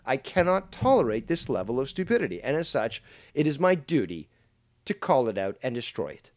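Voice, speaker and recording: A man's voice: medium pitch, big pitch swings, fairly quick. A man hosting a podcast in casual chat, blunt, heated and full of profanity. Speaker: podcast host.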